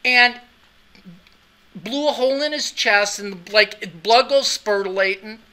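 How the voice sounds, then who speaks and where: A man's voice: sits high, takes it slowly, bright, forceful tone. A middle-aged man teaching anatomy and physiology, telling a class a story in a chatty way. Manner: chatty, anecdotal, with frequent "right?" asides. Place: classroom with students.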